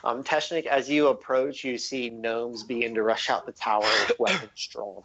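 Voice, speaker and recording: A young man narrating a tabletop game as game master, halting with many fillers. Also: mid-range voice, a bit bright. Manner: halting, many ums and likes. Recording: dull lo-fi audio.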